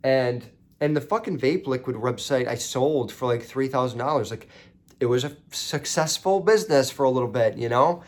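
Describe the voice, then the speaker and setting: A man's voice: mid-range voice, moderate pace. A young man telling a story as a podcast host, casual and profane, rising into indignant ranting.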